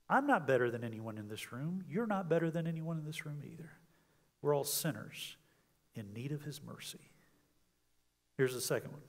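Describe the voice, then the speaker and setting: A pastor delivers an earnest sermon in a church, his voice sitting a little high for a man. He builds to emphatic peaks and then drops to soft, quiet lines. The sound trails off in a long hall reverb. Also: animated, normal speed, creaky, pauses often. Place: church sanctuary.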